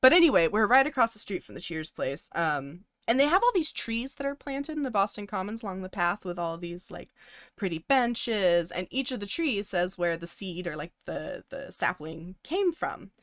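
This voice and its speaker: A woman's voice: mid-range voice, sing-song, normal speed, a bit bright, no room sound, clean studio sound. A young woman co-hosting a podcast, telling a long story casually with many ums and likes and frequent laughs. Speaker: podcast co-host.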